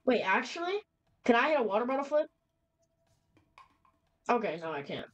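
A woman's voice: a little high, very animated, moderate pace, faint music behind, low-quality recording. A young woman casually commenting as she plays a horror game, chatty and nervous, reacting aloud with slang. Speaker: gamer playing a horror game. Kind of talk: casual let's-play commentary.

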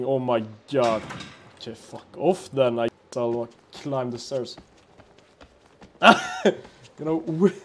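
A man's voice: mid-range voice, darkish tone, a little hiss or hum. A man playing a horror game for a let's play, talking to himself in a jumpy, nervous way, swearing and laughing nervously.

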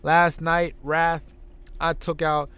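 A man voicing an angry male pro wrestler cutting a promo with loud, fired-up trash talk. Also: fairly high pitch, level tone, takes it slowly, clear, resonant tone, voice pushed up.

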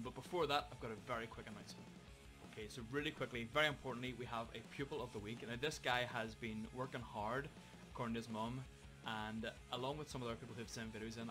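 A young man, a drum teacher giving a casual, jokey video lesson for children. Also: medium pitch. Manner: jokey, upbeat, self-mocking.

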